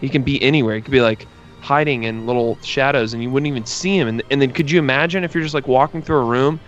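A man in a casual chat who tells movie scenes in a rambling, animated way full of fillers and asides. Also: mid-range voice, fast talker, lo-fi sound, soft background music.

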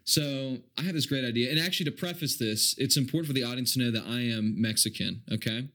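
Rambling man pitching a story. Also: fast talker. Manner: rambling, animated storytelling with many fillers. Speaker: podcast guest. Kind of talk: improvised comedy pitch.

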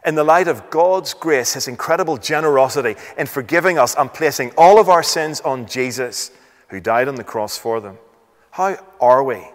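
Emphatic preacher with rhetorical questions. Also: male voice, mid-range voice, big-room sound. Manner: emphatic, rhetorical questions, reads scripture aloud. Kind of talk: sermon.

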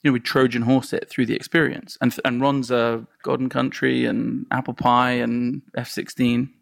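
A filmmaker telling animated stories in a conversation, acting out crowd reactions and laughing along. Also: male voice, mid-range voice, moderate pace, vocal fry, no room sound, studio quality. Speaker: filmmaker and guest.

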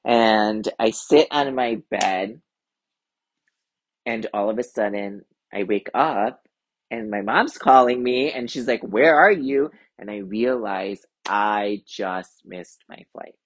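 Husky-voiced American woman telling a story. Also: a bass voice, slow pace. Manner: chatty, many "like" fillers, animated retelling. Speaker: podcast host and intuitive card reader. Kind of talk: casual storytelling monologue.

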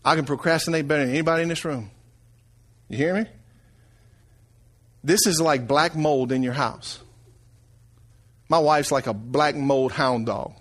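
Folksy preacher man, high voice. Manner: folksy, conversational preaching with call-outs to the congregation. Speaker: pastor. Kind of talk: sermon.

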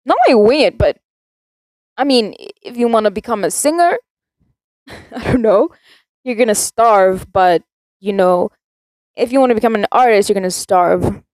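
A woman's voice: mid-range voice, animated, normal speed, long pauses, a little mellow, no room sound. A teenage girl from South Africa hosting her own podcast, rambling and contradicting herself in a casual rant. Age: teens. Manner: rambling, self-contradicting, chatty. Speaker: podcast host.

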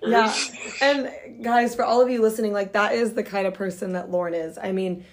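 Young female podcast host, gushing and chatty, mid pitch. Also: normal speed, a little hiss or hum. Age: young adult. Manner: gushing, excitable, lots of "oh my gosh" and "like". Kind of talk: casual podcast interview.

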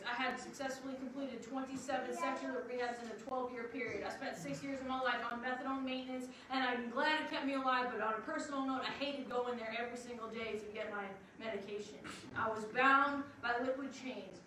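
A woman with a high voice gives an earnest, emphatic testimony, pausing to let her words land. She is heard from well off the mic in a big, very echoey hall. A steady noise sits under her voice. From Long Island, New York. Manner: earnest, emphatic, with drawn-out pauses. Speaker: program assistant director giving testimony. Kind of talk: spoken testimony to a congregation. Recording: very echoey hall, distant, noisy.

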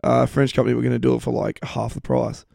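A man's voice: mid-range voice, monotone, fast, creaky, dark tone, no room sound, clean studio sound. A man with an Australian accent, co-hosting a podcast in casual banter, swearing and retelling scenes with silly voices. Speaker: podcast co-host.

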